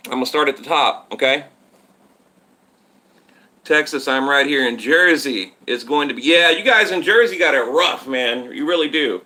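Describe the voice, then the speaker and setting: At home in Texas, a man hosts a boxing channel live stream, rambling casually and speaking straight to his viewers as he reads their comments off a tablet. His voice is medium in pitch with a sharp tone, and he talks at a moderate pace.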